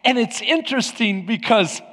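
A man in his forties preaching as a pastor, telling funny family stories in an animated, joking way and acting out voices. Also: extremely high pitch, normal speed. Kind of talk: humorous sermon storytelling. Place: large church sanctuary. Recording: reverberant church hall.

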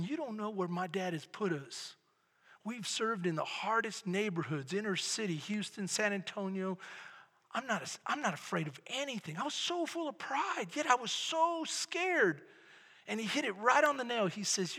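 A middle-aged man preaching a sermon as pastor, building from quiet storytelling to loud shouted preaching. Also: high voice, expressive, moderate pace, slightly rough. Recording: long hall reverb.

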